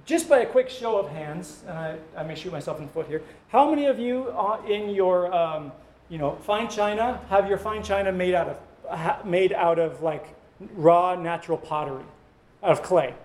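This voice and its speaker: A man's voice: sits high, normal speed, darkish tone. A male pastor preaching a sermon in a conversational way, with joking asides to the congregation.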